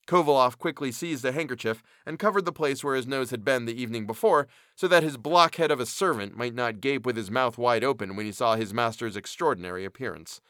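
Bright male storybook narrator. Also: medium pitch, brisk, hardly any pauses, dry recording, studio quality. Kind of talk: storybook reading.

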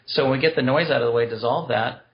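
A podcast guest who teaches a compassion practice explains it in an earnest, explanatory way using spiritual wording. He is a fast talker with a mid-range voice, and the recording sounds muffled.

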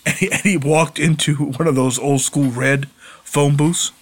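A man's voice: a little high, steady tone, moderate pace. Man swapping wrestling road stories. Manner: storytelling, laughing at old road stories. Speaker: podcast co-host, former wrestler. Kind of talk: casual chat.

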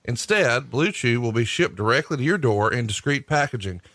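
A male podcast host, doing jokey, brisk ad reads in a casual way. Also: mid-range voice, animated, a bit bright, dry recording, studio quality.

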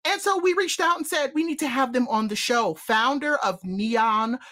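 A woman's voice: high voice, normal speed. A woman, co-hosting a podcast and telling stories in casual chat, laughing a lot. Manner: animated storyteller, cackling laugh. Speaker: podcast co-host.

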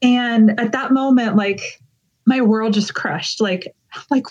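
Interview guest, woman, higher voice, emotional and earnest storytelling, muffled lo-fi audio. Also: darkish tone. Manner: earnest, emotional retelling, quick bursts. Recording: dull lo-fi sound.

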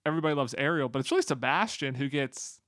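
A man's voice: mid-range voice, lively intonation, fast talker, a bit bright, no echo, clean studio sound. A man co-hosting a casual podcast chat, talking in enthusiastic, rambling bursts. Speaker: podcast co-host. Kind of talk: casual chat about a musical.

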